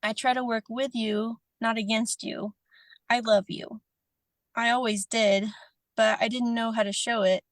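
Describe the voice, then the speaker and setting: A woman's voice: on the high side, level tone, measured pace, no room sound. A woman reading aloud a tender personal letter as a podcast guest, emotional and often laughing, then chatting casually.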